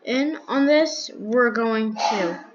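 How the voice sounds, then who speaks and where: Slow, dry-humored woman thinking aloud. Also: a little high, lively intonation, lo-fi sound, background noise. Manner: unhurried, thinking aloud with restarts and counting. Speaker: gaming video creator. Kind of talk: casual Minecraft build commentary.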